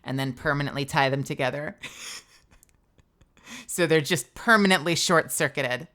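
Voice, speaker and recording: A woman's voice: sits low, normal speed, fairly bright tone. A woman livestreamer chatting casually, playful and self-deprecating, joking and swearing freely. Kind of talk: casual live-stream chat.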